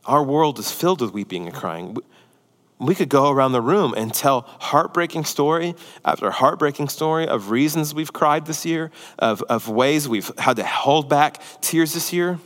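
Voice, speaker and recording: A man preaching with animated swings, climbing high and loud in excitement, then dropping to near-whispers. His voice sits a little high for a man and rings out with a long hall reverb behind it. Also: normal speed. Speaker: pastor. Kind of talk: sermon.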